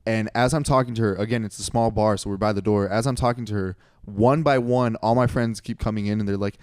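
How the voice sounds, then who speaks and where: A man's voice: lowish voice, fast talker, clean tone, dry recording, studio quality. A young man in his twenties co-hosting a comedy podcast, telling a rambling story that he keeps correcting. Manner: rambling, self-correcting, animated when quoting friends. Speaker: podcast co-host.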